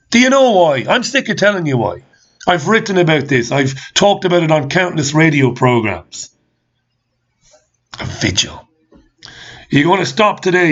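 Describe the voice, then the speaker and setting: A man hosting a talk show, ranting in commentary with repeated questions and swearing. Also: on the high side. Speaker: host. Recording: slightly dull lo-fi sound.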